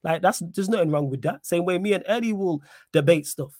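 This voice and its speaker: A young man hosting a casual live-stream podcast, lively and slangy as he answers the chat. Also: high voice, brisk, no echo, studio quality. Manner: animated, reads chat aloud, slangy. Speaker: podcast host.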